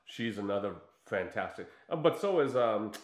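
A man's voice: on the low side, expressive, normal speed. A man chatting casually as a podcast host, enthusiastic and often hesitating to search for names. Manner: enthusiastic, hesitant, gropes for names with many fillers. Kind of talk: casual chat. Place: room, in studio with guest. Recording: echoey room.

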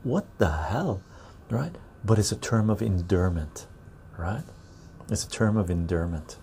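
Man, gravelly, mellow dark tone, casual chat, laughing often, swearing, faint background noise. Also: lowish voice, expressive, a little slow. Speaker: podcast host reading chat. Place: outdoor patio.

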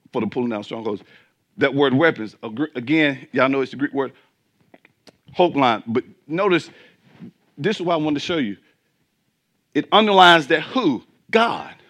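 A man preaching a sermon to his congregation, his voice a bit high and ringing bright. He drives his points home with emphatic peaks, drops into low asides, and keeps throwing questions out to the people in the pews. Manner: emphatic, swinging between loud climaxes and low asides. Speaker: pastor.

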